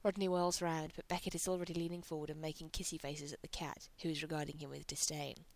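A woman's voice: low voice, level tone, quick pace. A woman narrating a story aloud, reading with light character voices. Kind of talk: reading fan fiction aloud.

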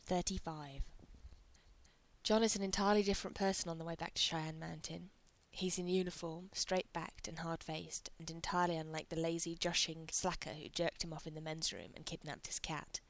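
Low-voiced woman reading a story. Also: fairly even intonation, moderate pace. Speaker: narrator. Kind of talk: reading fan fiction aloud.

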